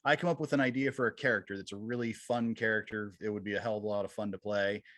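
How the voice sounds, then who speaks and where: A man's voice: lowish voice, fairly even intonation, fast talker, a bit bright, no echo. Conversational man, dry close sound. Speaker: filmmaker. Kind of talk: casual panel chat.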